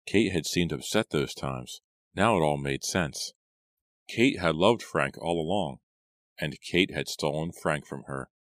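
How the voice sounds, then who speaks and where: A man narrating an audiobook in a measured, even storytelling manner. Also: rumbling low, no room sound. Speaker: audiobook reader.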